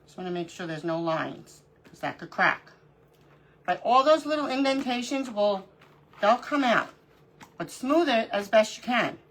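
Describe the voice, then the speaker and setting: A woman's voice: medium pitch, animated, unhurried, fairly bright tone. A middle-aged woman hosting a live crafting stream, chatting casually, greeting viewers by name and talking to herself as she works. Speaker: livestream crafting host.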